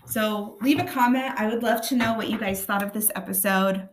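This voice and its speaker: A woman with a raspy voice hosting a podcast, talking earnestly and often checking in with her listeners. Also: medium pitch, fairly quick, a little hiss or hum. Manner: earnest, checks in with tag questions like "right?" and "okay?". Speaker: podcast host. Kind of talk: casual podcast monologue.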